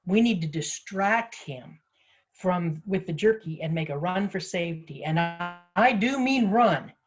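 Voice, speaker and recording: A woman's voice: on the low side, lively intonation, a little slow, lo-fi sound, faint music behind. A woman reading a story aloud, voicing a take-charge older woman who gives firm orders. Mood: commanding. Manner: firm, commanding. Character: bossy older woman, the eldest sister, in charge.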